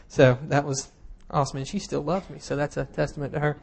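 A man preaching a sermon in a relaxed, conversational way, with wry humorous asides and plenty of fillers. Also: a little high, fairly quick, few pauses. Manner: casual and self-deprecating, with humorous asides and frequent fillers.

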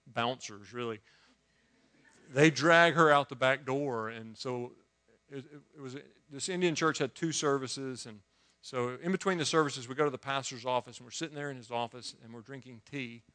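Here a male preacher delivers a sermon at a moderate pace and medium pitch. His storytelling shifts energetically between hushed asides and loud outbursts, with frequent word restarts.

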